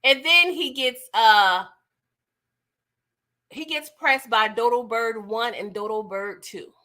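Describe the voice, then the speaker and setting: Woman doing a tv recap stream, high bright voice, slangy aave, animated and teasing. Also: takes it slowly. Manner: animated, slangy, laughs and mocks. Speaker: TV recap host. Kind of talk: casual live-stream recap chat.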